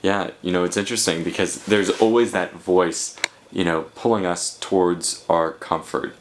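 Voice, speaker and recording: A man's voice: sits low, fairly even intonation, normal speed, slight background noise. A man interviewing a yoga teacher, musing aloud in a reflective, conversational way.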